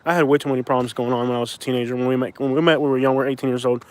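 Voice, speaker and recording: A man's voice: medium pitch, little pitch movement, rapid-fire, a little mellow. A man in his thirties chatting casually on a live stream outdoors by a bridge, rambling and arguing back at viewers. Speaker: vlogger doing a live stream.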